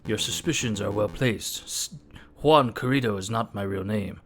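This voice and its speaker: A man's voice: on the low side, moderate pace, faint music behind, close to an everyday voice. A man playing a suave, cunning fox posing as a prince. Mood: confiding. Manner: suave, theatrical, fake Spanish accent.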